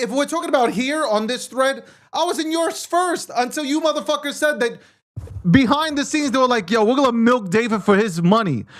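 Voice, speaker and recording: A man's voice: extremely high pitch, fairly bright tone. Heated, swearing man ranting on his show. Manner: profane, combative, heated rant; reads social media posts aloud and argues back. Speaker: show host. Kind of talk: ranting crypto talk show monologue.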